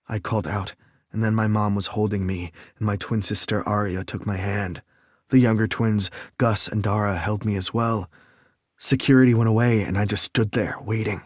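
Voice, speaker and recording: A man narrating a romance audiobook in first person, measured and even. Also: fairly low pitch, no echo, studio quality.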